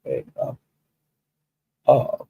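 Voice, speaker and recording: A man speaks very slowly over narrow, tinny audio without echo, recapping a livestream. He retells the story gossip-style, casual, animated and profane, frequently pausing to address and check in with his listeners.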